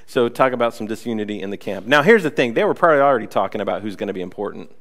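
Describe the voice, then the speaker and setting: A male pastor giving a sermon, animated and acting out the Bible story, often checking in with the congregation. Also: fairly low pitch, very fast.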